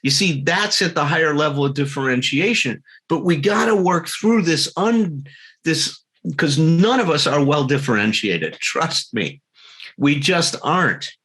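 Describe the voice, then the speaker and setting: A man's voice: fairly high pitch, lively intonation, unhurried, a bit bright, breathy edge. A man giving a talk to a recovery group, earnest, laughing at himself now and then and acting out little quarrels. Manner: earnest, acts out quarrels in quoted voices.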